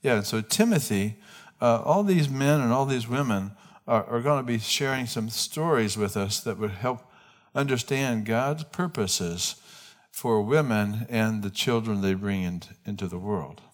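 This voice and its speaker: A man's voice: mid-range voice, a little slow. A man preaching a sermon as pastor, talking conversationally, restarting phrases and putting questions to the congregation. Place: church.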